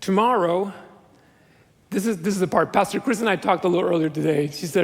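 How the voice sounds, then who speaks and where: A man's voice: sits high, brisk, gravelly, a little mellow. A middle-aged male pastor preaching a sermon in a church, earnest and conversational with self-deprecating humor. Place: large church sanctuary. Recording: long reverb of a church hall.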